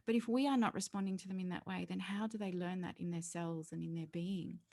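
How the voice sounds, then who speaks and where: Guest: woman, 40s, slightly low-pitched, warm storyteller who acts out quotes and laughs easily. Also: steady tone, fast, creaky. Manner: earnest, storytelling, laughs often. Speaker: guest, parenting educator. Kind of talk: conversational interview.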